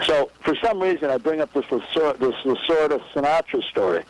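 A man's voice: fairly high pitch, brisk, poor audio. A baseball executive telling an anecdote in an interview, acting out the voices of the people he quotes. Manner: lively storyteller, acts out quoted voices.

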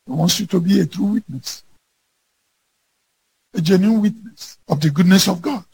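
A man preaching a fervent sermon, reading scripture slowly and with emphasis, and rising to shouts on key lines. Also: high voice, gravelly, husky.

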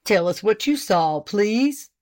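A woman voicing a formal male prosecutor who questions a witness deliberately and pointedly. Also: medium pitch, animated, a little mellow. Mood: probing.

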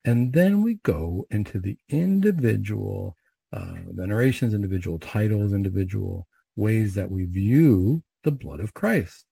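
Male Catholic prayer leader, low dark tone, dry close sound, measured conversational delivery. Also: lively intonation, vocal fry, breathy edge, dry recording. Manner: measured, conversational, with occasional fillers. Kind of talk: recited prayers, then a spoken reflection.

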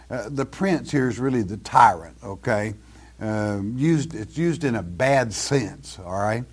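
Slow, emphatic man preaching. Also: mid-range voice. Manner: emphatic, folksy explanations. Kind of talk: verse-by-verse Bible teaching.

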